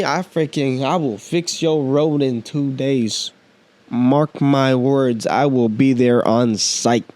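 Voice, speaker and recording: A man's voice: mid-range voice, a little mellow. A man hosting a podcast, ranting in a casual, heated monologue full of profanity and slang. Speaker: podcast host.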